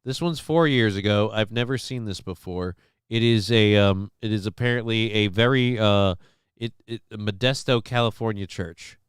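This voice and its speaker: A man's voice: on the low side, moderate pace, clear, resonant tone, no echo, clean studio sound. A man hosting a late-night livestream, chatting casually and cracking crude jokes over clips. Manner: crude joking, acts out voices. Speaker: show host.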